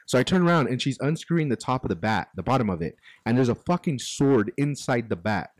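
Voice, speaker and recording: A man's voice: medium pitch, a little fast, no echo. A man co-hosting a podcast, telling a story in a casual, profane way and acting out the quotes as he goes. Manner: animated, profane, acts out quotes. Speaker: podcast co-host. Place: recording studio.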